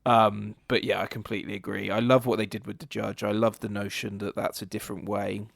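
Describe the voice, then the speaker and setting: A man's voice: lowish voice, little pitch movement, brisk, gravelly, no echo, studio quality. A man co-hosting a podcast, rambling hesitantly with restarts about a film. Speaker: podcast co-host. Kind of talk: casual film review chat.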